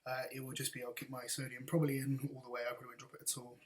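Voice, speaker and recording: A man's voice: mid-range voice, completely flat delivery, rapid-fire. Chatty bodybuilder man. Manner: casual, chatty, blunt, rambling. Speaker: bodybuilder and coach. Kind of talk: vlog answering viewer questions.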